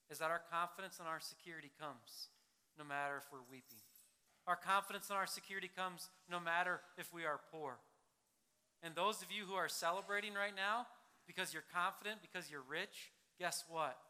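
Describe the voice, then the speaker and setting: A male pastor preaching a sermon, swinging between loud punchy emphasis and hushed low lines, acting out quotes as he goes. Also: smooth. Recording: long hall reverb.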